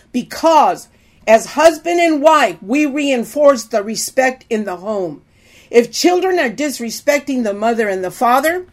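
A middle-aged woman teaching a sermon to women, preachy, often calling out "amen?". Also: high-pitched. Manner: preachy, frequent call-outs of "amen?".

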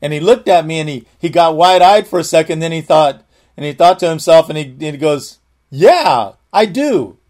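A man's voice: fairly high pitch, steady tone, a little fast, darkish tone. A man preacher telling a personal testimony in a sermon, earnest and full of restarts. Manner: earnest storytelling, frequent restarts.

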